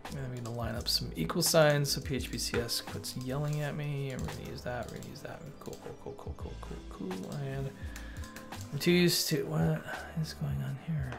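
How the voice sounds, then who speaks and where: On a livestream, a man teaches coding in a casual walkthrough, thinking aloud, correcting himself, and chatting with viewers. His voice is mid-range, fairly quick, and gravelly, with light music faint in the background.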